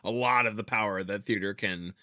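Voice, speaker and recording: A man's voice: fairly low pitch, fairly even intonation, brisk, bright, forceful tone, no echo, studio quality. A man co-hosting a podcast, speaking in a friendly, casual way and often repeating words as he starts a sentence. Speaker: podcast co-host. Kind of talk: casual chat and patron appeal.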